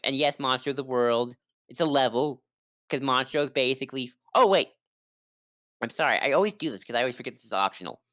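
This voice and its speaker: Very low-voiced woman recapping a game plot. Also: fairly bright tone, no echo. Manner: rambling plot recap with quick asides and laughs. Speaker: podcast co-host. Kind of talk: casual chat. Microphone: desk microphone.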